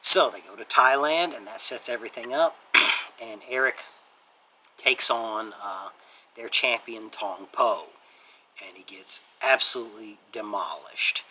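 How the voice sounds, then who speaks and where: A man's voice: fairly low pitch, a little slow, pushed and bright, slight background noise, low-quality recording. A man casually recapping a movie plot as a reviewer, rambling along with lots of fillers. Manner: rambling retelling with many fillers.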